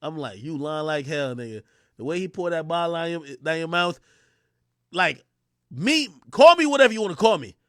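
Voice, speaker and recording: A young man telling a story on his livestream, excitable and loud, acting out the voices he quotes. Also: a little high, normal speed, no room sound, clean studio sound. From Jamaica. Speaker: streamer.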